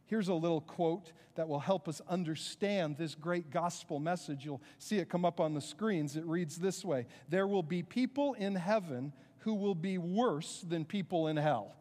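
A man preaching a sermon as pastor, earnest and conversational, with quick asides to the congregation. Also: a little high, a little mellow, in a large hall.

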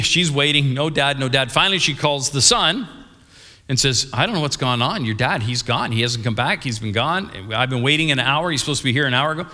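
A man preaching as a pastor, telling a story animatedly and acting out the dialogue and shouts. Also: on the high side. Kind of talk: sermon storytelling. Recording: long hall reverb.

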